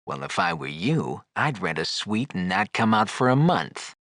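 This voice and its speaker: A man's voice: lowish voice, sing-song, normal speed, fairly bright tone, dry recording, studio quality. An actor playing a flirtatious, wisecracking floating male skull, teasing and sarcastic in game dialogue.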